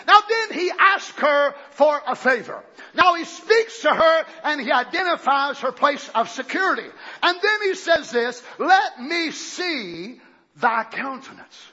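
High, bright, fervent shouting preacher. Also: male voice. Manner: shouting, fervent, exclamations of praise. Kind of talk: sermon. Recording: dull lo-fi recording.

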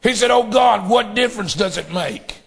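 A man preaching and praying a fervent sermon to his church, shouting in bursts and drawing out emphatic phrases. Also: high-pitched, expressive, normal speed, creaky, slightly rough. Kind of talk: impassioned sermon and prayer.

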